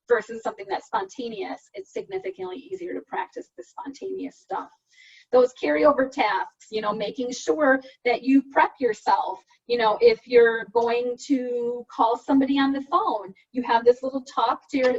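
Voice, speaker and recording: A woman speech therapist presenting to an online support group, explaining exercises patiently, step by step, over a video call. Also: a little high. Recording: dull lo-fi call audio, from a distance.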